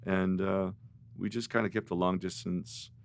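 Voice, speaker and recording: Deep-voiced middle-aged man telling stories. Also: normal speed, gravelly. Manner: animated storyteller, rambling with restarts. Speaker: guest musician. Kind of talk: storytelling in a podcast interview.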